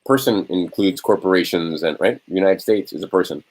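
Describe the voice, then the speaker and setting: Brief: man giving a casual lecture, low and husky, rhetorical, halting with fillers. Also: darkish tone, poor audio. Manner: rhetorical, keeps checking in with "right?"; answers his own questions, halting with fillers. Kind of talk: informal lecture to a small audience.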